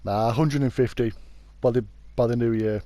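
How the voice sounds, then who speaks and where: A man's voice: mid-range voice, steady tone, moderate pace, warm tone, no echo. A British man hosting a true crime video, telling a story in a chatty, informal way and often backtracking to correct himself. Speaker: YouTube true crime host. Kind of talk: casual storytelling narration.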